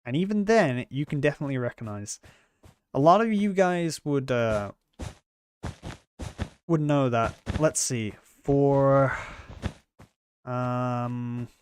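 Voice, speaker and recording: A man's voice: mid-range voice, slight background noise. A man chatting casually on a live stream, rambling and trailing off, with a quirky way of talking. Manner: rambling, trails off and restarts often; talks with many quirks, by his own account.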